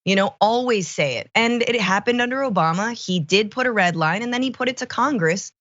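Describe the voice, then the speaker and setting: A female co-host gives casual political commentary with a sarcastic, expressive edge. She talks in a mid-pitched voice. The recording is dry and a bit muffled. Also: a little fast, no echo. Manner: sarcastic, expressive, mocking impressions.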